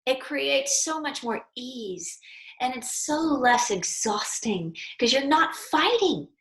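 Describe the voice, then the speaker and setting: A woman's voice: high voice, sing-song, takes it slowly, roomy sound, low-quality recording. A woman yoga teacher giving a casual, earnest and encouraging spoken lesson with conversational fillers.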